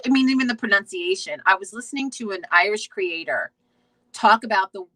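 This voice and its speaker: A woman with a bright, forceful voice hosts a casual live stream. She rambles from thought to thought, swears freely and keeps restarting her sentences. The sound is dry and close. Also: mid-range voice, no room sound, low-quality recording. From United States. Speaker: host of a witchcraft talk stream. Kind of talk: casual live-stream chat, reading viewer comments.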